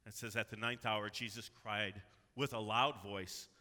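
Man, pastor, sermon, very bright voice, earnest, emphatic, long reverb from a church hall. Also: lowish voice, steady tone, measured pace. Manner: earnest preaching, rising to loud emphatic cries.

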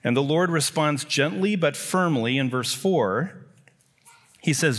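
A man's voice: on the high side, animated, unhurried. A man preaching a sermon, emphatic, building his points with repeated phrases.

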